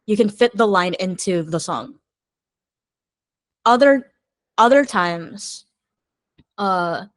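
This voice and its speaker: Unhurried woman songwriter, candid and chatty. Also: mid-range voice, no echo. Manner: chatty and candid, thinking aloud. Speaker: songwriter guest. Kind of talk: candid podcast conversation.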